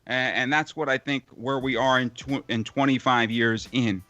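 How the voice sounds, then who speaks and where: A man's voice: mid-range voice, steady tone, normal speed, pushed and bright. Reflective veteran broadcaster man. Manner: reflective, speaks in long run-on lists with fillers. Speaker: veteran radio play-by-play broadcaster, guest. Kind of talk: casual interview over a call.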